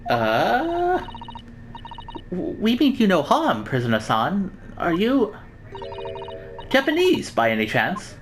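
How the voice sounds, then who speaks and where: A woman's voice: mid-range voice, huge pitch swings, takes it slowly, pauses often, a little hiss or hum. A woman voicing a nervous, hesitant young male lawyer in a game. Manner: hesitant, stammering.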